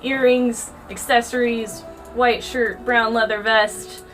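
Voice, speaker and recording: A woman player describing her character in a lively, chatty way. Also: a little high, slow pace. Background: faint music.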